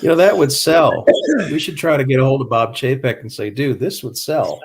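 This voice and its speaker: A man's voice: mid-range voice, brisk. A man on a casual livestream chat who makes dad-joke puns.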